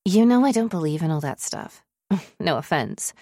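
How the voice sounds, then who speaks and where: A woman's voice: low voice, very animated, moderate pace, creaky, dark tone, no room sound, clean studio sound, heavily acted. A woman reading an audiobook, voicing a skeptical young woman psychologist with a wry, muttering manner. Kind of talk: audiobook character voice.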